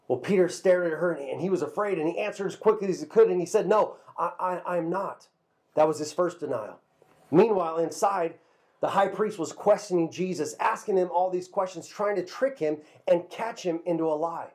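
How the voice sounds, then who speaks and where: A kids' pastor with a high voice tells children a Bible story. He's a lively storyteller, a little halting, and often repeats a word before moving on.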